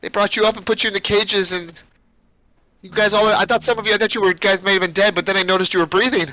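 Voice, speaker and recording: A scared ten-year-old girl, caged in a grim tabletop adventure, stammers out questions in a raised, bright little voice, as a man puts her on. She trips over her words and repeats them, with a dry, close sound. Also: high voice, steady tone, fast talker, no room sound, poor audio. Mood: anxious.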